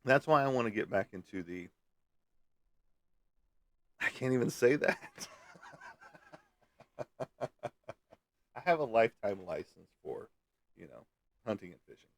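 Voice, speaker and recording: A man's voice: lowish voice, big pitch swings, unhurried, long pauses, no echo. A man hosting a casual livestream, rambling in a folksy way and chuckling as he answers viewer comments. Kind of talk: casual chat.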